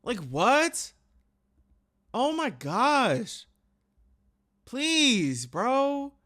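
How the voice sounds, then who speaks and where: A man hosting a reaction video, talking casually and reacting out loud, agitated and swearing often. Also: very high-pitched, sing-song, extremely slow.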